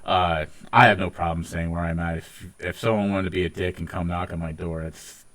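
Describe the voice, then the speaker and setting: A man's voice: low voice, steady tone, brisk, a bit bright. A young man from Ohio with a slight Northeastern US tinge, chatting casually on a podcast and rambling with lots of "like"s and restarts. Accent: Ohio with some Northeastern US traits. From Ohio, United States. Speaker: podcast co-host. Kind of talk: casual chat.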